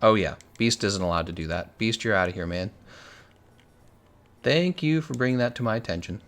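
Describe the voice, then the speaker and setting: A man's voice: on the low side, animated, moderate pace, a bit bright. A man streaming a video game, talking casually and playfully bossing players around. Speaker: gaming streamer. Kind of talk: casual live-stream commentary.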